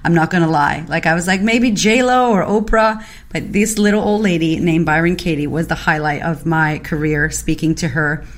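This is an excitable woman from Boston who hosts a podcast and talks in a slightly low voice. She chats casually and swears freely. She tells stories with energy and acts out her own reactions. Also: moderate pace, few pauses. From Boston, United States. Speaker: podcast host. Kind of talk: casual chat, animated storytelling. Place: online audio chat room.

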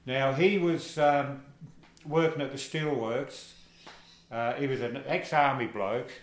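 An older man with an Australian accent, telling stories as the interviewee in an oral history interview, casual and halting with plenty of fillers. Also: medium pitch, fairly even intonation. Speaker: interviewee, former soccer player. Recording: echoey room.

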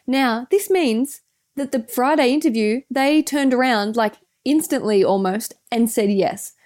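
A woman's voice: fairly high pitch, measured pace, a little mellow. An Australian woman co-hosting a podcast, chatting casually in an upbeat way and laughing often. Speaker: podcast co-host. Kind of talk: casual chat.

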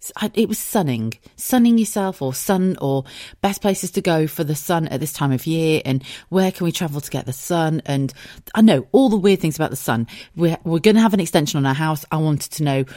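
A woman's voice: sits low, animated, a little fast, mellow, dry recording, clean studio sound. An English woman in her thirties hosting a casual solo podcast, chatty and giggly, swearing freely. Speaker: podcast host.

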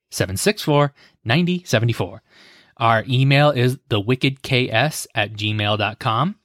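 A man's voice: mid-range voice, fairly bright tone, dry recording, studio quality. A man co-hosting a podcast in casual chat, easygoing and rambling. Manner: easygoing, rambling, repeats himself. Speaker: podcast co-host.

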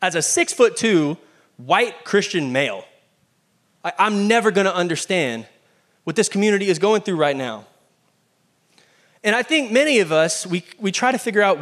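A man with a fairly high voice delivers a sermon in an animated, conversational style. He keeps checking in with his listeners through quick rhetorical questions, and his energy rises and falls as he preaches. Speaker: pastor.

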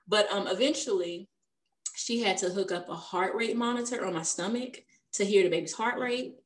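Brief: young woman host, casual storyteller, easy mid-pitched voice, laughs a lot. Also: animated, normal speed. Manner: chatty, laughs often between sentences.

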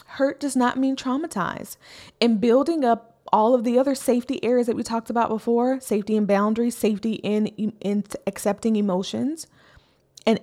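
A woman in her thirties with a fairly high voice speaks as a parenting coach. She gives an earnest, encouraging faith-based talk and repeats her key lines for emphasis. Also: darkish tone.

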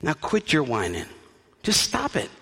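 A man's voice: fairly high pitch, wildly swooping pitch, unhurried, vocal fry, pushed and bright, breathy edge, heavily acted. A pastor acting out a domineering queen who scolds her husband in a raised voice, in a reverberant church. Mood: scolding. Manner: scolding, commanding. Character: cunning, domineering ancient queen, female.

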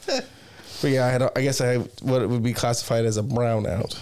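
A man's voice: mid-range voice, steady tone, normal speed, darkish tone. Profane, rambling young man. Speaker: podcast co-host. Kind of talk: casual chat.

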